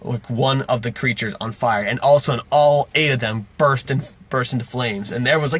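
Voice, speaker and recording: In a casual vlog, a male game master recaps a tabletop session, rambling, correcting himself, and retelling moments with animation. His voice is medium in pitch, and he talks fairly quickly with few pauses.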